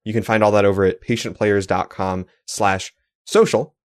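A man's voice: on the low side, steady tone, normal speed. Man, podcast host, upbeat, laughs a lot, casual chat, close mic.

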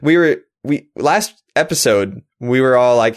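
A man's voice: medium pitch, animated, unhurried, hardly any pauses. A man hosting a casual video game podcast, upbeat and laughing often, speaking into a close mic. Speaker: podcast host.

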